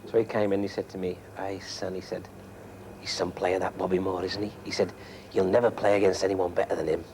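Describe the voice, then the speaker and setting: A man, a former footballer, recalling a match in a relaxed interview, acting out his old manager's lines as he goes. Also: low-pitched, fairly quick, noisy background. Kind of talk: interview anecdote.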